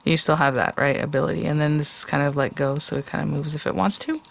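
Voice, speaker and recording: Female craft host, low and gravelly, relaxed step-by-step chatter while working. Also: fast. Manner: chatty, thinking aloud while working by hand. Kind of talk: casual crafting tutorial.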